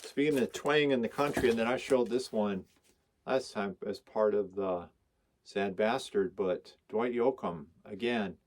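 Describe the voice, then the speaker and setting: A man's voice: lowish voice, unhurried, darkish tone, slight background noise. A man chatting casually and with enthusiasm as he shows his records, rambling from one to the next and reading off song titles. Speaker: record collector vlogger. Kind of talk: casual chat showing records.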